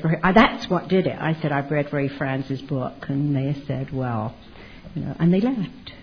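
Older woman, husky voice, chatty humorous testimony, dull lo-fi recording. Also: low-pitched. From Canada. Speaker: testimony speaker. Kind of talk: personal testimony talk.

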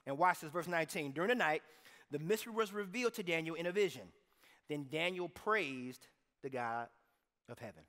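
A man preaching a sermon to his church in an energetic, conversational way, now and then rising to a shout. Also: on the high side, a little fast, in a large hall. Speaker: pastor. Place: church sanctuary.

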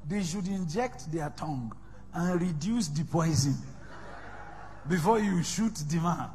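A man with a Nigerian accent preaching a sermon, swinging between loud shouts and soft whispers. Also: a little high, lively intonation, measured pace. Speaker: pastor. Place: large church hall. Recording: reverberant hall with faint music.

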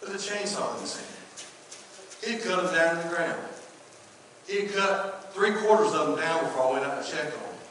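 A man's voice: fairly high pitch, normal speed, pauses often. A male pastor, telling a story in a sermon and acting out the people in it. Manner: animated, acts out the people in his story. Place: church sanctuary. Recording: echoey hall from far off, faint noise.

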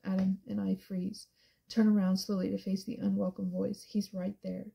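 A woman reading a novel aloud in first person, quiet and intimate. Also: medium pitch, level tone, moderate pace, creaky, poor audio. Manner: quiet, intimate, dropping to soft whispers. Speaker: audiobook reader.

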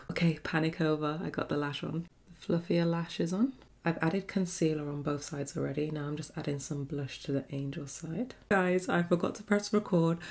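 A woman's voice: deep voice, vocal fry. A young woman chatting casually through a makeup tutorial as a beauty vlogger, giggly and chatty. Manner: giggly, chatty, often bursting into laughter.

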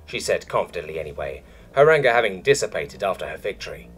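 A male narrator reads a story aloud with a lowish voice and very lively, wide-ranging pitch. Soft music sits faintly behind his expressive, scripted delivery. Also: fast, few pauses, husky.

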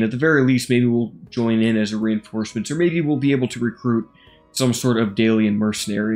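A man's voice: medium pitch, a little mellow. A man casually talking through a strategy game campaign as he plays, rambling and thinking aloud with fillers. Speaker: gaming YouTuber. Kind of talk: casual gameplay commentary.

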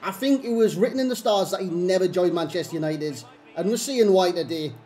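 A man's voice: high-pitched, fairly quick, warm tone, soft background music. A man, commentating his own video game match in exasperated, self-mocking rants. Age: 30s. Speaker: gaming YouTuber. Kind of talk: live gameplay commentary.

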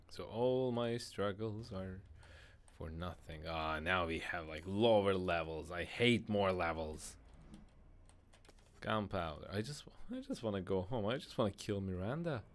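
A man streaming a video game, giving casual commentary and muttering frustrated asides to himself. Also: deep voice.

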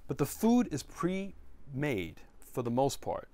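A man's voice: medium pitch, big pitch swings, slow pace, warm tone, dry recording. Chatty middle-aged man telling stories. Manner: chatty, rambling, many restarts and asides. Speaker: chef giving a talk at a bookstore. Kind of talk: storytelling talk to a live audience. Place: bookstore in front of an audience.

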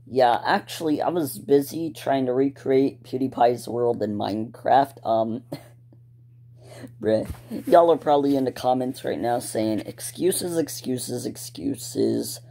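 Slow, rambling laid-back YouTuber guy. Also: mid-range voice, dark tone. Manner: rambling, full of ums and restarts. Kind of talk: casual talk to camera.

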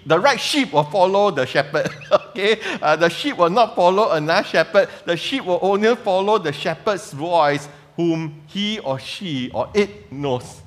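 A man's voice: high-pitched, a bit bright. A man preaching a conversational sermon in church, asking many rhetorical questions. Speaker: pastor. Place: church sanctuary. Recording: long reverb of a church hall.

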